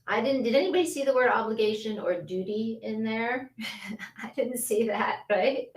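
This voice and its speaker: A woman hosting a casual livestream, chatty and quick to laugh, who greets viewers by name. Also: medium pitch, a bit bright, recorded from a distance. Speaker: livestream host. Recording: roomy echo, a bit off-mic.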